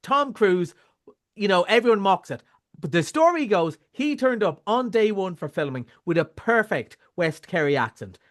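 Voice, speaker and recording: A man's voice: sits high, sing-song, normal speed, a bit bright. An Irish man chatting casually as a film reviewer, rambling with many restarts. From Ireland. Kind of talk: casual chat.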